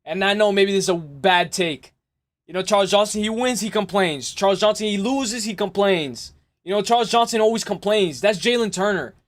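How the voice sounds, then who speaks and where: A man hosting a live stream, chatting casually and excitably with his viewers and laughing often. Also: high voice, normal speed. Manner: excitable, laughs often, talks straight to chat. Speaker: livestream host.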